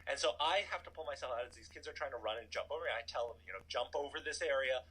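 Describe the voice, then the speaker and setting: A man in his thirties telling a personal story in a casual, animated way, full of "like" and asides. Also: mid-range voice, rapid-fire, slightly rough, rough recording. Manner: animated, chatty, filler-heavy "like". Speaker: storytelling guest.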